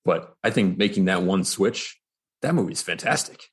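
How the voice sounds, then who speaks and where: A man co-hosting a podcast, sharing opinions in a relaxed, casual chat. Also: sits low, moderate pace, slightly rough. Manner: relaxed, opinionated, thinking aloud. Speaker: podcast co-host.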